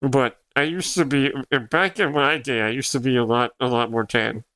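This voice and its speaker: Bright, crisp-voiced young male streamer. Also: medium pitch, fairly even intonation, moderate pace, no room sound. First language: Spanish. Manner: rambling, laughing often, answering chat. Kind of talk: casual livestream chat.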